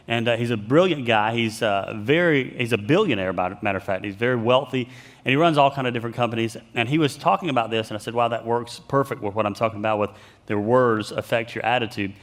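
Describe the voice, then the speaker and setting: A man's voice: medium pitch, big-room sound. A man giving a motivational leadership talk that mixes in scripture, telling stories and acting out the people he quotes. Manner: animated storyteller, acts out quoted voices. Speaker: leadership speaker.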